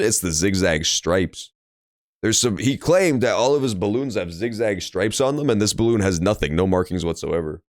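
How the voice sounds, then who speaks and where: A man's voice: on the low side, no room sound. A young man streaming a courtroom game, joking crudely and rambling while he plays. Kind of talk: casual let's-play commentary. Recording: dry room with faint game music.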